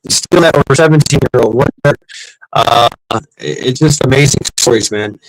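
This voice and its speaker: A man's voice: medium pitch, normal speed, dry recording, rough recording. A middle-aged man chatting casually, telling rambling stories with lots of swearing and restarts. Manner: profane, rambling storyteller with many restarts. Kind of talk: casual chat.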